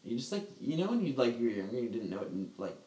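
A man's voice: medium pitch, big pitch swings, fast, warm tone. Man rambling through a story in a roomy space. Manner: rambling, laughing anecdote with many fillers. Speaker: storyteller in a group chat. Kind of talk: casual chat. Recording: roomy echo.

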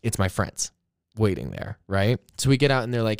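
A man's voice: fairly low pitch, normal speed, creaky, dry recording, studio quality. A young man hosting a podcast, telling a rambling prank story in casual chat, full of "like" and the odd curse word. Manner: rambling, animated storyteller with many "like"s and profanity. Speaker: podcast host.

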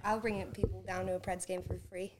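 A woman's voice: medium pitch, flat delivery, fast, loud music behind the voice. A young woman with a Southern Californian accent, chatting as a guest on a podcast and laughing often. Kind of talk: casual chat.

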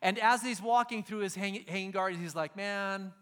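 Casual preacher, middle-aged man, high bright voice, slangy storyteller. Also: brisk. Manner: casual storytelling, acts out biblical figures in slang. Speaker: pastor. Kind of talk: sermon.

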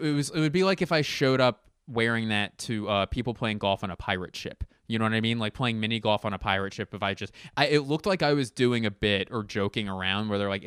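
A man's voice: mid-range voice, fairly bright tone, clear, resonant tone, no room sound, studio quality. Profane rambling man telling a story. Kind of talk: casual comedic monologue. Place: at home, in a bedroom.

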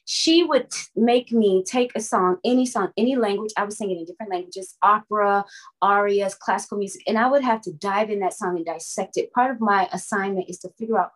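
A woman singer from Florida, telling lively, dramatic stories in an interview and calling the listener "honey". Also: medium pitch, fairly quick. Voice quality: expressive, calls the listener "honey". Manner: lively, dramatic, laughs often. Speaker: singer and guest. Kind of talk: animated interview storytelling.

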